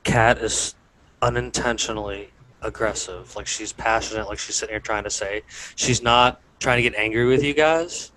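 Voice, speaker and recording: A man in a casual podcast chat, calmly explaining and smoothing over a tense moment. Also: on the low side, normal speed, a little hiss or hum, poor audio. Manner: calm, soothing, mediating.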